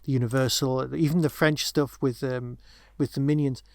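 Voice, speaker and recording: A man's voice: medium pitch, steady tone, normal speed, a little mellow, no room sound. A man co-hosting a podcast, chatting casually about a film, rambling with many restarts and asides. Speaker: podcast co-host.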